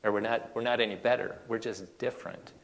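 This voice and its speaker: Gravelly man lecturing in a hall. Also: on the low side, a little fast. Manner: animated, rhetorical questions, folksy fillers. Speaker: creationist speaker. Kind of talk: presentation to an audience.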